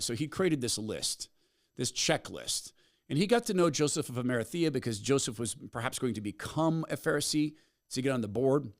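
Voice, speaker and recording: A man hosting a commentary podcast, retelling a story with a dramatic, storytelling delivery. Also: medium pitch. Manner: storytelling, dramatic pauses, animated. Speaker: podcast host. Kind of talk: commentary monologue.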